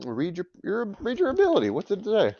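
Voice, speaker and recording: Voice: mid-range voice, huge pitch swings, quick pace, warm tone, no room sound, lo-fi sound. A tabletop game player in casual chat, teasing the group and laughing often.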